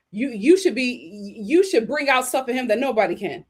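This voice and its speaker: A woman's voice: on the high side, lively intonation, normal speed, hardly any pauses, slightly rough. A woman hosting a livestream, reading viewer comments and giving sassy, emphatic opinions on relationships. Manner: sassy, emphatic, repeats punchlines. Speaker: host.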